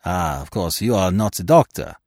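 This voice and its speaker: A man voicing a fussy, fastidious older Belgian detective who complains in precise, formal phrasing. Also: sits low, lively intonation, a little mellow, dry recording, studio quality. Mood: probing.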